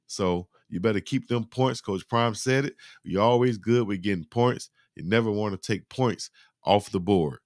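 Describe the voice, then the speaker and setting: A man hosting a live football highlight reaction, giving animated, slangy play-by-play and talking to his chat. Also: normal speed, dry recording, clean studio sound. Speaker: sports reaction host.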